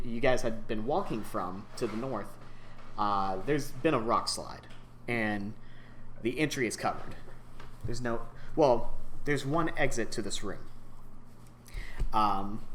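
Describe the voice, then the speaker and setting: A man narrating a tabletop game as game master, in a laid-back, halting way with lots of ums. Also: mid-range voice, slight background noise.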